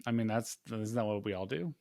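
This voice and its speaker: A young man co-hosting a podcast, telling stories in a rambling, animated way with lots of fillers. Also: on the low side, fairly quick, gravelly, no echo, studio quality. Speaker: podcast co-host. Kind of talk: casual chat.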